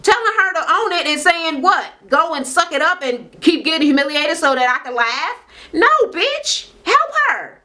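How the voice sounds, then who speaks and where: A woman's voice: sits high, normal speed, hardly any pauses, bright, forceful tone. A young woman, recapping a reality show in blunt, sassy, heavily profane casual talk. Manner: blunt, sassy, heavy swearing. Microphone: on-camera mic.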